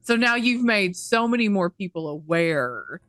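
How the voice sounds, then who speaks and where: A woman's voice: medium pitch, expressive, measured pace, a bit bright, no room sound, studio quality. A woman co-hosting a podcast in casual chat, talking indignantly at length and swearing freely. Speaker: podcast co-host.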